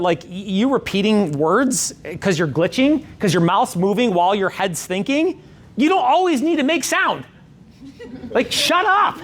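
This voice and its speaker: A middle-aged man with a high voice works as a sales coach, talking emphatically and repeating his points during a coaching session.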